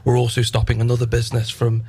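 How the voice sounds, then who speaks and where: Flat husky man explaining calmly. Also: medium pitch, fast. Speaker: actor guest. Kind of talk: radio interview.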